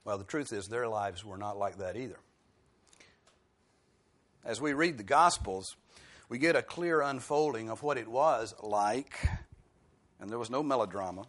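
A man's voice: fairly low pitch, unhurried, long pauses, a bit bright. A man preaching a sermon in a conversational way, with rhetorical questions and dry humor.

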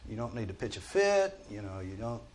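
Male Bible study leader, slightly low voice, chatty and emphatic, restarts a lot, faint hiss behind. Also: sing-song, brisk, a little mellow. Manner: conversational, emphatic, with frequent restarts. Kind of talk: informal Bible study teaching.

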